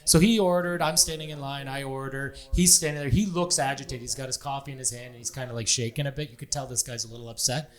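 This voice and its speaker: A man hosting a podcast, telling a profane, animated story in casual chat. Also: mid-range voice, fast talker, few pauses. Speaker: podcast host.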